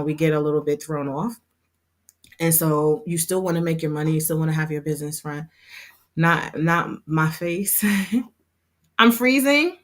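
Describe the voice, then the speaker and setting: A woman hosting a casual livestream, talking in a chatty, heartfelt and expressive way as a hair program instructor. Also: on the low side.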